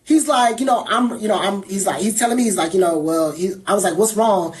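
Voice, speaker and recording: A woman telling a personal story in casual talk, animated and irritated, acting out other people as she goes. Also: medium pitch, fast talker.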